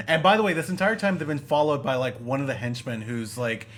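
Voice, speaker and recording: A fast-talking man with a mid-range, slightly bright voice co-hosts a casual podcast. He rambles sarcastically about a movie in film-review banter packed with fillers and restarts.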